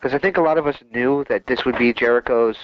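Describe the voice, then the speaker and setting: A man's voice: mid-range voice, no echo. Young man in his twenties, dry muffled sound. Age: 20s. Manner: opinionated, measured, hedging. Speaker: podcast co-host. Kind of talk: casual wrestling chat.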